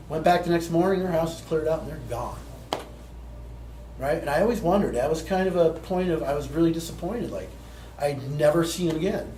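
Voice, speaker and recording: A man's voice: on the high side, mellow, a little hiss or hum. Man in his forties telling a story in a roomy space. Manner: conversational, peppered with tag questions. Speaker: plant medicine teacher. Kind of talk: storytelling talk to a live group. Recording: roomy echo with faint ambience.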